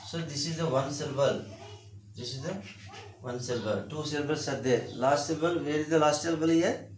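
A man's voice: a little high, fairly quick, echoey room, slight background noise. A man with a Telugu accent giving a classroom grammar lesson, repeating himself and spelling words out letter by letter. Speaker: teacher.

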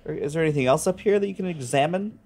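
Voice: medium pitch, very fast, a little mellow, a little hiss or hum. A co-host chatting casually and joking, often repeating others' words and giving gameplay tips. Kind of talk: casual chat.

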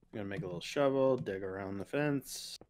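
A woman's voice: a bass voice, a little fast, a little mellow. A woman playing a video game with a friend, making dry joking asides and chuckling. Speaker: game player. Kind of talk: casual co-op gaming chat.

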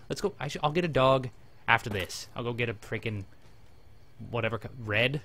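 A man casually commenting on his video game as he plays, rambling and joking, talking to his companion and breaking into sudden excited yelps. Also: medium pitch, fairly quick, a little hiss or hum. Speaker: gameplay commentator. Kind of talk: casual let's-play commentary.

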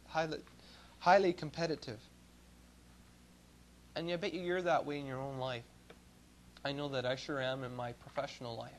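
A middle-aged Canadian man preaches a sermon in church, spinning folksy stories and swinging from loud emphasis to quiet asides. A little hiss or hum runs under the recording.

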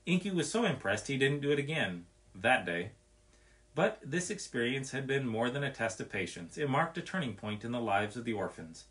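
A man reading a nature story aloud in an expressive, measured way. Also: medium pitch.

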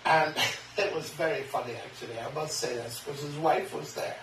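A fairly high-voiced man tells a story with animated energy, jumping up in pitch whenever he acts out a line. He sits back from the mic in a roomy space, and a faint hiss runs underneath. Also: normal speed, far from the mic. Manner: animated, acts out quoted dialogue with big pitch jumps. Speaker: guest. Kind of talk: storytelling in an interview.

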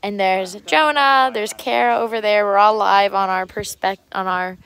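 A woman's voice: mid-range voice, steady tone, moderate pace, gravelly, clear, resonant tone. A woman livestreaming a casual walkthrough outdoors on a handheld phone, gushing and cooing sweetly at cats. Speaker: livestreaming vlogger. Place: outdoor animal sanctuary.

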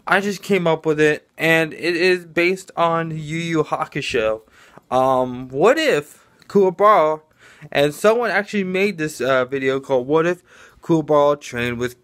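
A man with a somewhat high speaking voice tells a fan story off the cuff. He rambles, restarts sentences and leans on fillers as he goes. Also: a bit bright. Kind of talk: casual improvised fan storytelling.

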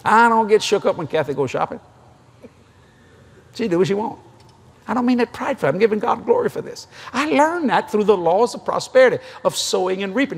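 Male preacher, middle-aged, fast-talking and lively, slightly husky, folksy storyteller at a convention pulpit. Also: high voice. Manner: folksy storytelling, acts out dialogue, laughs often. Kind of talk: sermon. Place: large convention hall, live audience.

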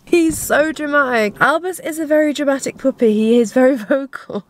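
A woman's voice: sits high, moderate pace. A young woman, talking casually to camera in a chatty, sweary, self-mocking way. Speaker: vlogger. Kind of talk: casual vlog talk.

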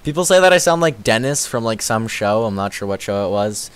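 A young man chatting on a live stream and reading out his chat, giggly and excitable, dropping to low mumbles and jumping up to high squeals. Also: fairly quick, smooth.

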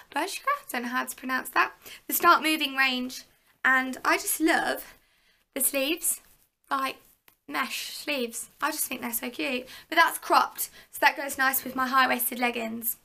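A woman's voice: sits high, creaky, sharp tone. A young woman from England chatting casually to viewers as a fitness vlogger, full of fillers and asides. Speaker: fitness vlogger, personal trainer. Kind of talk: casual show-and-tell vlog.

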